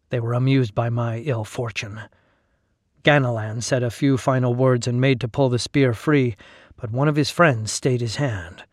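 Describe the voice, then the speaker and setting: A man narrating a scripted first-person story, reading in a measured, solemn manner. His pace is slow and unhurried, and the sound is dry and close, with no room echo. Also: medium pitch, husky.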